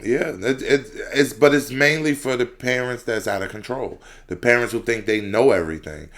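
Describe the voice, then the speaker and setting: A man's voice: mid-range voice, moderate pace, fairly bright tone. Laid-back man co-hosting a podcast. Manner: laid-back, emphatic when recommending. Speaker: podcast co-host. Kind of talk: casual chat.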